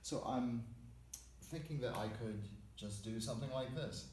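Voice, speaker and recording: A man's voice: mid-range voice, unhurried, darkish tone, echoey room, slight background noise. A man teaching a music theory lesson, explaining step by step and counting beats aloud. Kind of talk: lecture with sung and spoken examples.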